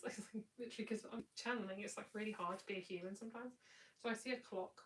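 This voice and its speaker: A woman's voice: medium pitch, quick pace, distant mic, rough recording. A tired woman giving a live tarot reading in a chatty, rambling, affectionate way. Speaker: tarot reader.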